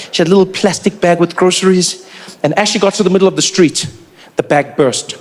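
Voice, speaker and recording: A South African man in his forties performing animated stand-up comedy and acting out characters as he tells stories. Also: a little high. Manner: animated storytelling, acts out characters.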